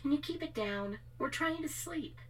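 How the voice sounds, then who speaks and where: A woman's voice: high-pitched, lively intonation, moderate pace, rough recording. A woman voicing a sleepy, irritated young woman who talks in a dismissive drawl. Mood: annoyed.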